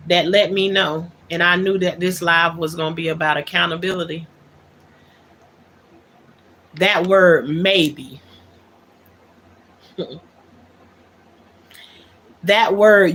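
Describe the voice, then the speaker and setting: A woman's voice: mid-range voice, fairly bright tone, slight background noise. A woman hosting a livestream, talking things out in an aggrieved, emphatic way and repeating her key words. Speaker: livestream host. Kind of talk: unscripted livestream monologue.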